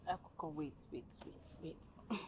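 A woman's voice: low voice, a little slow, a little mellow, a little hiss or hum. An actress playing a caring married woman who fusses over her hungry brother-in-law. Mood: soothing. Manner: soothing, fussing.

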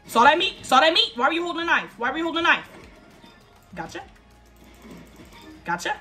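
A woman playing a shooter game and talking to herself as she goes. She is excitable, keeps repeating short phrases, and yelps and laughs at what happens on screen. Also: high voice, a little fast, long pauses, faint music behind. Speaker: gaming video host. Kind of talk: live gameplay commentary.

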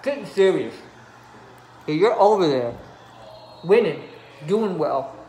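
In a joking, melodramatic video message, a man pleads with his friend to come home, trailing off into laughter. His high voice is expressive and warm at a slow pace, with a roomy sound and a little hiss or hum.

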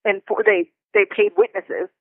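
A woman calling in from jail, telling her story in an indignant, animated way with quick asides. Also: medium pitch, dry recording. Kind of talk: casual call-in storytelling. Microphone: prison phone. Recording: tinny phone line.

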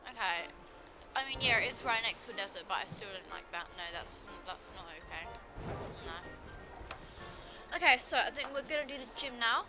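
A woman's voice: a little high, expressive, normal speed, pauses often, music in the background, poor audio. A woman giving casual commentary over her gameplay in a bubbly, chatty way, saying like a lot. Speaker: gaming video host.

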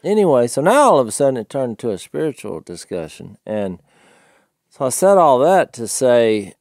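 A man's voice: mid-range voice, big pitch swings, normal speed, a little mellow, dry recording, clean studio sound. A man in his fifties with a Southern US twang, co-hosting a podcast and telling a rambling story that he often laughs through. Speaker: podcast co-host. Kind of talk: casual storytelling chat.

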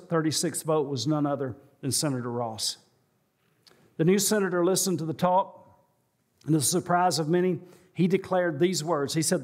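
A male pastor preaching a sermon in a church, telling a story and slowing and rising in pitch for emphasis. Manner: storytelling, slows and rises for emphasis. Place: church sanctuary.

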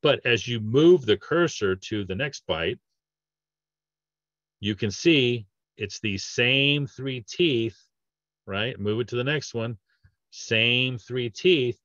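A man's voice: medium pitch, slow pace, pauses often, fairly bright tone, no echo, lo-fi sound. A man, a dentist, talking through patient cases in a casual training presentation, with lots of fillers and restarts. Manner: conversational, with many fillers and restarts. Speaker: dentist giving a training webinar.

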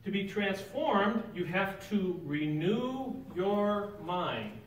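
A man leads a church Bible class in a relaxed, conversational way, stopping to quiz the people in the room. His fairly high voice rings around a big sanctuary. He sounds distant from the mic, with a faint hiss under the recording. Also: slow pace. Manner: conversational, quizzes the class with questions. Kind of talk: informal Bible lesson. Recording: roomy echo, picked up from a distance.

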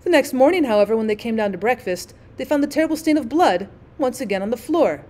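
A woman teacher reading a classic story aloud as an audiobook, narrating clearly and expressively. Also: fairly high pitch, expressive, fast talker, a little mellow.

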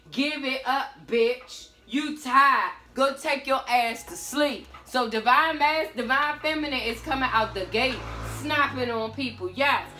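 A woman's voice: high voice, roomy sound. A woman giving a blunt, sassy tarot reading in a casual monologue. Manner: sassy, blunt, animated storytelling. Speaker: tarot reader.

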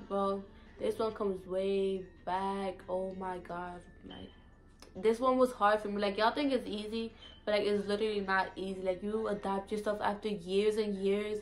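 A woman's voice: mid-range voice, flat delivery, normal speed, low-quality recording. A young woman from St. Thomas with a US Virgin Islands accent, chatting casually and playfully in a vlog. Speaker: vlogger. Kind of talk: casual chat.

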